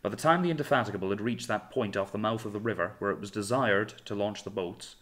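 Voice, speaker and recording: A man reading a novel aloud in measured, dramatic storytelling narration. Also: fairly low pitch, fairly bright tone. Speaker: audiobook narrator. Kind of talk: scripted narration.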